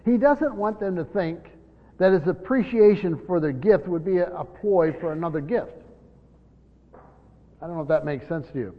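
A high-pitched male pastor preaches a verse-by-verse sermon, earnest and insistent, hammering key words and doubling back on phrases. The recording is dull and lo-fi, and his voice rings through a church hall with a long reverb tail. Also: animated, moderate pace. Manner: earnest, repeats words, stresses key words, voices imagined speakers.

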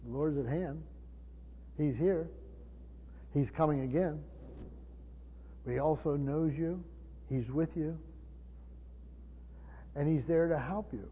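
A man preaching a Bible study sermon, often pausing, repeating words and asking his listeners questions. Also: a little high, a little hiss or hum. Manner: halting, repeats words, asks the room questions. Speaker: pastor. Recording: tinny phone-like sound in a reverberant hall.

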